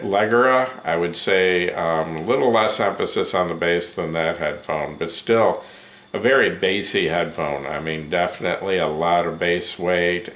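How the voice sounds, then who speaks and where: A man giving a casual first-impressions review of headphones, unhurried and full of ums and self-corrections. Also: sits low, a bit bright. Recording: roomy echo.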